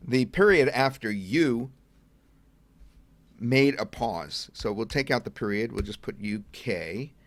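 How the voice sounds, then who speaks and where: A middle-aged man at his computer walks viewers through a software demo in an easygoing, talkative way, thinking out loud as he goes. His voice sits at an average pitch and is recorded dry and close. Keys clack now and then in the background. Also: animated, slow, no room sound. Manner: chatty, thinks aloud while clicking. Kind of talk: casual webinar walkthrough. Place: at a computer desk.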